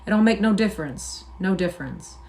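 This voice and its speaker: A woman's voice: mid-range voice, animated, darkish tone, natural voice. A woman reading aloud and voicing a lonely, scornful older male stable hand with a drawling, persuasive manner. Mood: brooding, persuasive. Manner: drawling, persuasive, slow musing.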